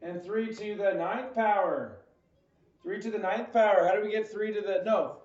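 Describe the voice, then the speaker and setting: At a moderate pace and with a slightly mellow, high voice, a man works through math homework problems step by step. He quizzes the listener and adds playful jokes, and the recording is echoey, dull, and lo-fi.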